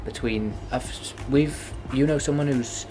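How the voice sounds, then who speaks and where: A man's voice: medium pitch, unhurried, music in the background. A young man, a new father chatting casually and joking on his vlog. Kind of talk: casual chat.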